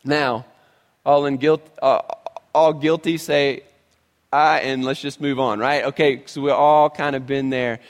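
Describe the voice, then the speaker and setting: A male pastor preaching a sermon in an animated, conversational way, often restarting his phrases. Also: medium pitch, unhurried, long reverb tail.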